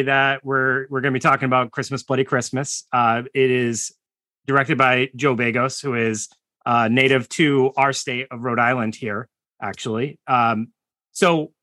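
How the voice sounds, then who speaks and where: Upbeat bright-voiced male podcast host. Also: mid-range voice, dry recording. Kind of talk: casual interview chat.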